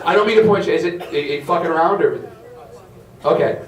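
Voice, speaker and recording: A man performing stand-up with a brash, foul-mouthed storytelling manner. His voice sits high for a man. The sound is roomy and a little distant from the mic. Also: brisk, noisy background. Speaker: stand-up comedian. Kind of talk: stand-up comedy set. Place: comedy club stage.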